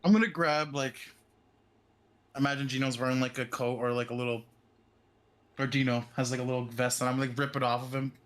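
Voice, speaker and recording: Loud playful man at a game table. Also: mid-range voice, fairly even intonation, fairly quick, pauses often. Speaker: player. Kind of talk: casual tabletop play.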